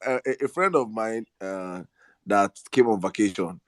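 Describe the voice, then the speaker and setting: A man's voice: on the low side, unhurried, dry recording. A man in casual chat, teasing and interrupting to start his own story.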